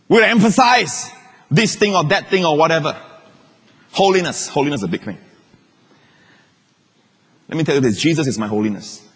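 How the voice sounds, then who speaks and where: A male pastor preaching a sermon in an emphatic way, repeating phrases and moving between shouts and quiet asides. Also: a little high, animated, fairly quick, long pauses, slightly rough. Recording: long reverb of a large hall.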